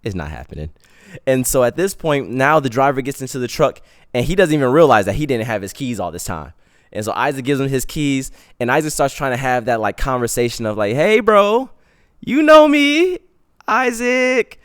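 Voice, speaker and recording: A man hosting a podcast, telling a personal story in an animated, slangy way. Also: mid-range voice, brisk. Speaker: podcast host.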